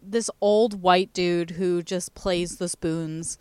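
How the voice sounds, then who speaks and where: Her voice is lowish and darkish yet clean, with fairly even intonation and a slow pace, recorded with no room sound. She's a young woman co-hosting a podcast, rambling casually through a funny story in a chat while laughing and swearing.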